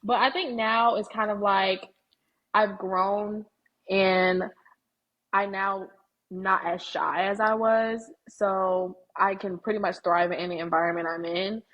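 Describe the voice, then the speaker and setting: A woman's voice: medium pitch, fairly even intonation, takes it slowly, highs cut off. A young woman in her twenties, a graduating student and interview guest, talking candidly and peppering her stories with "like". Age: 20s. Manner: candid storytelling, frequent "like". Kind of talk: casual interview.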